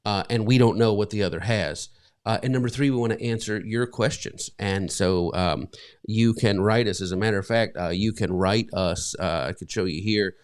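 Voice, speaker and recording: A man's voice: lowish voice, normal speed, clear, resonant tone. A middle-aged man, a pastor co-hosting a casual live podcast from his bedroom, rambling and emotional with many fillers. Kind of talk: casual live-stream chat. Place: home bedroom.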